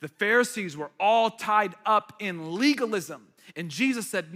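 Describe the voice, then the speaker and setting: A man's voice: sits high, animated, unhurried, few pauses, fairly bright tone. A man preaching a sermon as a pastor, conversational and emphatic with playful asides. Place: church hall. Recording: reverberant hall.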